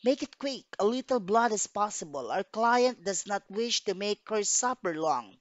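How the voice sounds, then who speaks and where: A woman's voice: mid-range voice, animated, moderate pace, no echo, lightly acted. A woman teacher reading the part of a cold male criminal giving orders over the phone, from a radio play script. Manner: read aloud from a script. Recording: dull dry recording.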